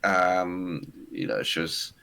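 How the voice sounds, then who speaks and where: Casting: very low-voiced South African man, casual stream guest, halting and chuckly. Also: lively intonation, gravelly, sharp tone, rough recording. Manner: hesitant, restarts sentences, laughs often.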